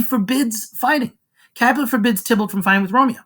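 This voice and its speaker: A man's voice: very high-pitched, fairly quick. A man explaining a classic play to a class in a casual, slangy way, jumping in and out of voices for the characters. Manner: animated and slangy, acts out lines.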